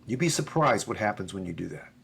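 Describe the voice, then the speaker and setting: Husky middle-aged man telling a story. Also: on the low side, quick pace. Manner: animated storyteller acting out both sides of dialogue. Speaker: podcast guest. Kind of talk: storytelling in conversation.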